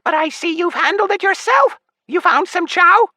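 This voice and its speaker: Shrill squeaky imp. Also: male voice, lively intonation, moderate pace, sharp tone, dry recording, studio quality, exaggerated voice. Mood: gleeful. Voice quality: squeaky, squawking. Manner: shrill and wheedling. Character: greedy squeaky little male imp, excitable schemer. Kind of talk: audiobook character voice.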